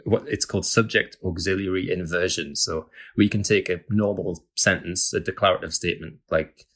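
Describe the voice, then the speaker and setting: A man's voice: low voice, steady tone, moderate pace, fairly bright tone. A man, a guest author, chatting casually and explaining things with frequent hedges and laughs. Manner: chatty, hedging with "kind of", laughs often.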